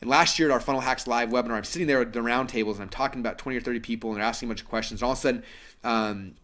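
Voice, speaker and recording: A man hosting a webinar, making an earnest sales pitch with lots of fillers. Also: a bit bright. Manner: fast, earnest, persuasive, many fillers. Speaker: webinar host pitching a course.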